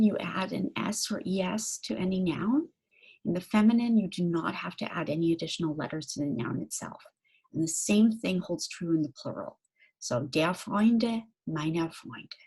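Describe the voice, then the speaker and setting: A woman lecturing on German grammar, saying German example phrases slowly and then giving them in English, with frequent ums. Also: mid-range voice, gravelly, darkish tone, slightly rough. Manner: slow, deliberate explanations with frequent fillers. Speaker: German language instructor.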